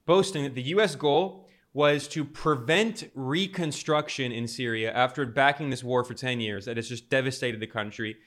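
A man's voice: medium pitch, normal speed, a bit bright. A man giving political commentary, emphatic and indignant, stressing key words.

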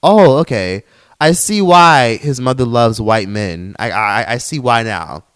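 A man hosting a commentary channel, delivering an angry, profane reaction rant that flares into yelling and mocks the people he quotes. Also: medium pitch, animated, a little slow, clear, resonant tone. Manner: heated, profane, swings into yelling; mocks others in quoted put-on voices.

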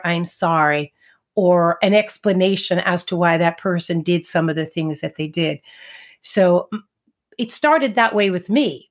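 A middle-aged woman tells a personal story on a podcast, relaxed and chatty. Her voice sits a touch low for a woman, and she acts out quoted lines as she goes. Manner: chatty, laughs between thoughts, acts out quotes. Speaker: podcast co-host and medium. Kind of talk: casual storytelling conversation.

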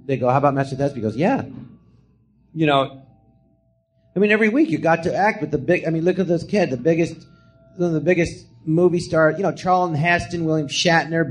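A middle-aged comedian telling stories from his career in a casual chat, acting out what people said in a hushed voice. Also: fairly high pitch. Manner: animated storyteller, acts out quotes in a hushed voice. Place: small live podcast theatre.

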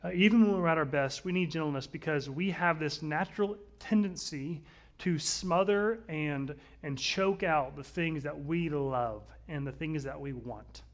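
Male pastor, 30s, earnest conversational sermon delivery, slightly raised pitch. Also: normal speed. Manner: earnest, conversational preaching with shifts between loud and soft.

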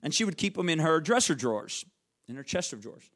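A man's voice: on the high side, sing-song, quick pace, fairly bright tone. A middle-aged man preaching a sermon, telling stories and repeating phrases for emphasis. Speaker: pastor.

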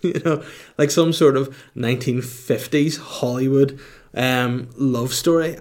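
A man tells a comic story in a loose, rambling way. He laughs often and swears freely, and his pitch sits in a middle range. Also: steady tone, measured pace, darkish tone. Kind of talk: comedic storytelling.

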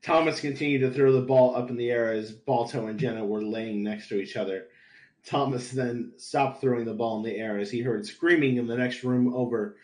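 A man hosting a podcast, narrating a story in a flat voice with stumbles and laughs. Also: medium pitch, fairly quick. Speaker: podcast host, reader. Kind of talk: comedic fan-story narration. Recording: roomy echo.

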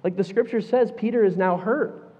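A man preaching in an echoey church auditorium, his voice sitting a little high for a man. He talks emphatically yet conversationally, dropping casual asides. The sound is slightly dull and muffled. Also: moderate pace. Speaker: pastor. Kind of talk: sermon.

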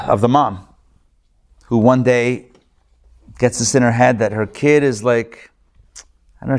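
A man, a rabbi, giving a live class lecture to an in-person and online group in a conversational way, with jokes and asides to his listeners. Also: medium pitch. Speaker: rabbi teaching a weekly class.

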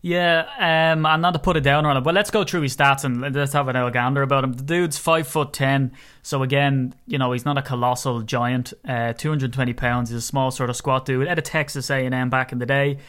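A man's voice: medium pitch, steady tone, brisk, hardly any pauses, fairly bright tone, clear, resonant tone. A young man with an Irish accent hosting a casual sports podcast, joking and swearing freely. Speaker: podcast host. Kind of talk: casual chat.

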